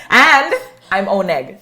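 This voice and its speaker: Animated young woman telling her story. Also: on the high side. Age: young adult. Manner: animated storytelling, acts out quoted speech. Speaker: guest. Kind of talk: telling a personal story in an interview.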